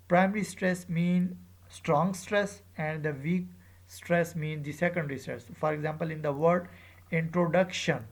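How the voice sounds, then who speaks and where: A teacher delivers a recorded lecture to students at a middling pitch, the voice rough with gravelly fry. The delivery is hesitant, full of fillers and restarts, and example words are stretched out and stressed for the class. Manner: hesitant, repeats phrases with many fillers; drawn-out, emphatic example words.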